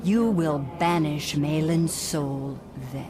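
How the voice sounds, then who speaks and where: An actress voicing a regal Daedric goddess who speaks slowly, solemnly and formally in a video game. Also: female voice, deep voice, noisy background. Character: regal female Daedric goddess, calm and commanding.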